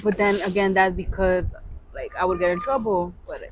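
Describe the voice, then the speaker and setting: A woman co-hosting a podcast, telling a personal story in casual confessional chat, halting with many restarts. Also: on the low side, steady tone, slight background noise, rough recording. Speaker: podcast co-host.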